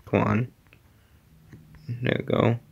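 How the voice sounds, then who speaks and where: A man's voice: mid-range voice, flat delivery, slow pace, creaky, a little mellow, husky, dull audio. A man giving casual commentary while playing an obstacle-course game, muttering to himself, sometimes dropping to a whisper and sometimes exclaiming at setbacks.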